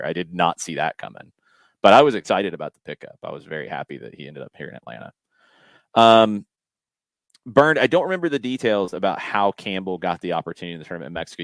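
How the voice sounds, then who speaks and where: A man's voice: deep voice, no echo. A man hosting a casual soccer podcast, reading out listener questions and thinking aloud with frequent restarts and fillers. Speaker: podcast host.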